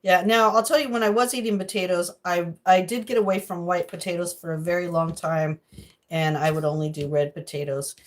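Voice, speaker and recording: Cooking in her home kitchen, a middle-aged livestreamer chats loosely in a fairly low, steady voice at a brisk pace. Her talk is casual and unplanned, with viewers greeted by name and frequent rambling tangents.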